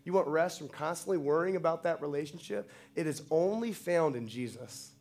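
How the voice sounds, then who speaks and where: A man's voice: a little high, animated, normal speed, a little mellow. A man preaching a sermon with passion, building to emphatic, repeated lines. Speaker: pastor.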